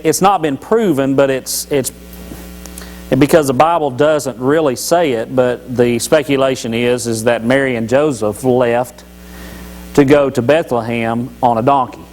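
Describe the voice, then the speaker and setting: A man's voice: mid-range voice, a little mellow, a little hiss or hum, low-quality recording. A man giving a folksy, joking devotional talk at church, telling Bible stories with many restarts. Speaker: lay church speaker.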